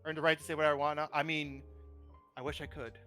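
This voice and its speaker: A man's voice: on the high side, level tone, fast talker, a bit bright, soft background music. A man on a livestream who rambles casually, reads chat aloud and pokes fun at himself. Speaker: streamer and model kit builder, guest.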